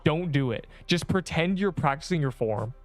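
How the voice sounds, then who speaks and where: A man's voice: fairly high pitch, animated, moderate pace, faint music behind. A young man streaming a game, joking and rambling as he teases the viewers in his chat. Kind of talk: casual gameplay livestream chat.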